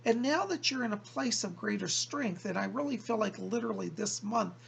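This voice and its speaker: Very gravelly animated male psychic. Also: high-pitched, a little hiss or hum. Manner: keeps quoting the spirit with "he said"; speaks in slow, drawn-out phrases. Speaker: psychic medium host. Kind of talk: relayed spirit reading to viewers.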